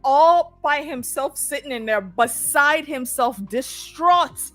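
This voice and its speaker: A woman co-hosting a casual podcast chat about a TV episode, animated, swearing freely and acting out characters. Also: high-pitched, takes it slowly, soft background music. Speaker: podcast co-host.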